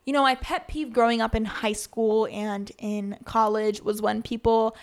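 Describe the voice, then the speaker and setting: On her solo podcast, a woman from the USA in her twenties talks casually in a voice on the high side with fairly even intonation and a measured pace. She comes across as earnest and chatty, restarting sentences and saying "like" a lot.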